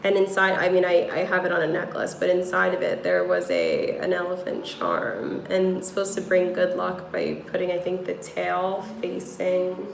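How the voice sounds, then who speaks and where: A woman's voice: on the low side, moderate pace, gravelly, few pauses, echoey room, a little hiss or hum, poor audio. A woman with a New York accent, livestreaming from her room as a tarot reader, rambling to her viewers with many fillers. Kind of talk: casual livestream chat. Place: room at home.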